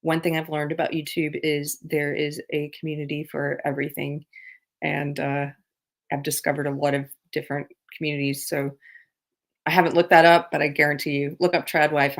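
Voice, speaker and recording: Woman livestream host, low voice, easygoing, reads out viewer comments. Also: gravelly. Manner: chatty, reads viewer comments aloud, laughs often. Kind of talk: casual livestream chat. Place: abroad on a trip.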